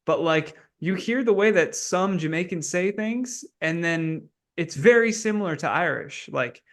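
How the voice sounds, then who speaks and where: A young man hosts a podcast in easy conversation, laughing often and agreeing with his guest. His voice sits a bit higher than average. He talks in a friendly, relaxed way. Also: unhurried. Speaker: podcast host. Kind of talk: casual podcast chat.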